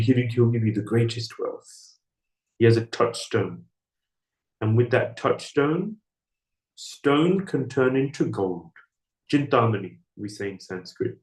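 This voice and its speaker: A man giving a scripture class, telling a story in sermon style and acting out the characters' lines. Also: darkish tone. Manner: storytelling, acting out dialogue with raised pitch. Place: temple hall. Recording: echoey room.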